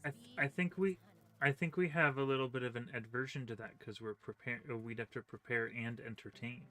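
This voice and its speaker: A man's voice: medium pitch, steady tone, brisk, bright, forceful tone, soft background music. A man hosting a casual co-op game stream, rambling with lots of fillers and chuckles. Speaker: gaming channel host. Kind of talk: casual co-op gameplay chat.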